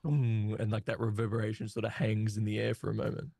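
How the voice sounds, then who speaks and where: A man's voice: fairly low pitch, level tone, quick pace, gravelly, dark tone, husky, no room sound. A man narrating as game master of a tabletop game over a voice call, loose and hesitant with many fillers.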